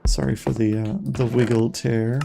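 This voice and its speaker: A streamer giving excitable, chatty live gameplay commentary and talking straight to the viewers. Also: mid-range voice, normal speed, vocal fry, music in the background.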